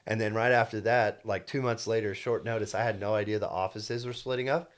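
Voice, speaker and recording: A man's voice: on the low side, steady tone, a little fast. A young man in his twenties, a podcast co-host, telling a personal story in casual chat, earnest and rambling with many restarts. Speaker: podcast co-host and solar salesman.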